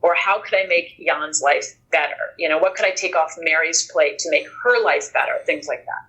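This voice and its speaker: Woman guest on a podcast, super bright voice, earnest and animated, acts out the conversations. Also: low-pitched, normal speed, poor audio. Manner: earnest, animated retelling with quoted dialogue. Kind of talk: conversational storytelling.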